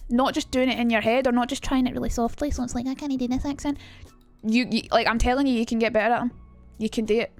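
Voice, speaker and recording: Blunt, chatty Scottish woman streamer; a bit high-pitched, with faint music under a dry sound. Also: level tone, fast. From Scotland. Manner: chatty, blunt, swears freely. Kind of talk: casual livestream teaching.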